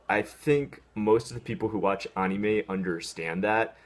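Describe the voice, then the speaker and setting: Reacting to an article in a casual vlog, an American man with a lowish voice speaks a little slowly. He's sarcastic and mocking, ranting in spurts with lots of ums, fillers and restarts.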